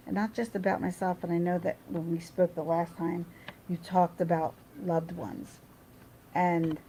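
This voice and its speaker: A woman talks loosely to her viewers in a casual livestream, reading the chat and wandering between stories. Her voice is heavily gravelly with a dark, mellow tone. A faint hiss sits behind her. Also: fairly low pitch, rough recording. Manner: rambling, personal, trails off and restarts.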